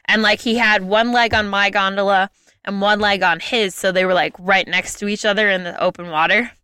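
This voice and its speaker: A young woman telling a travel story in a casual chat, lively and full of "like" fillers. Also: mid-range voice, fairly quick, smooth, no echo, clean studio sound. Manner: lively, chatty, frequent "like" fillers.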